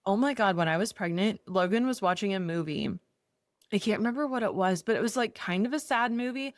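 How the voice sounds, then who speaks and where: With a medium pitch and a brisk pace, this thirtysomething woman co-hosts a podcast in clean studio sound with no echo. Her storytelling is candid and lively, laced with jokes at her own expense.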